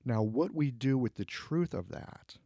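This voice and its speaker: A man's voice: medium pitch, expressive, unhurried, warm tone, husky, no echo. A man co-hosting a podcast, talking in a thoughtful, searching way in casual reflective conversation, acting out his inner voice now and then. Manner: thoughtful, searching, with restarts and acted-out inner quotes. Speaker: podcast co-host.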